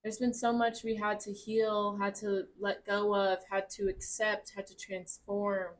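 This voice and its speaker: A woman's voice: mid-range voice, fairly even intonation, unhurried, hardly any pauses, a little hiss or hum. A woman giving a casual tarot reading to camera at home, gushing, chatty and encouraging, with the odd swear word. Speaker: tarot reader.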